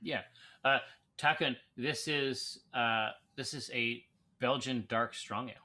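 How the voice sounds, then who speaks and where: A man's voice: medium pitch, slow pace, sharp tone. A man co-hosting a live brewing stream, chatting casually with many fillers and restarts. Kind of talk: casual chat while reading viewer comments.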